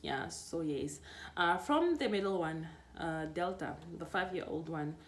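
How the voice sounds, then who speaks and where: A young Namibian woman telling a story in a casual vlog, chatty and animated, laughing, full of restarts. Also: deep voice, measured pace. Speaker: vlogger.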